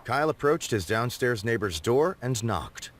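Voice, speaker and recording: Lively dry-witted male game narrator. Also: mid-range voice, normal speed, noisy background. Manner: expressive, dry comic narration. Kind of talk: scripted storybook narration.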